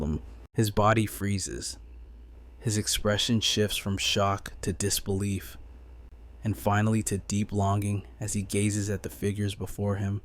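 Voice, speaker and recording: A man narrating a comic story recap in a measured, dramatic storytelling manner. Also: on the low side, flat delivery, no room sound.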